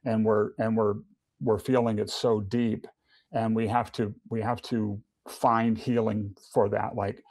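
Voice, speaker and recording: Guest testimony: middle-aged man, low gravelly voice, earnest, restarts a lot. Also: little pitch movement, unhurried, darkish tone, no room sound. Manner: earnest, with many restarts and repeated words. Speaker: podcast guest. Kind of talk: personal testimony in casual conversation.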